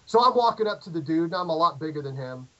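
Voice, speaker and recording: A middle-aged American man tells a rambling story full of fillers and restarts. His voice sits a little high for a man. The call audio is dull and lo-fi. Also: fast. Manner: rambling, animated anecdote with many fillers and restarts. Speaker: podcast guest. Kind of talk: casual storytelling. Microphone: remote call audio.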